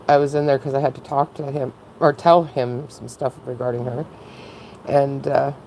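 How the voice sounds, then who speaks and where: A woman's voice: a bass voice, warm tone, slight background noise, rough recording. A woman talking candidly in a casual, rambling personal monologue, often breaking into laughs. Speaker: vlogger.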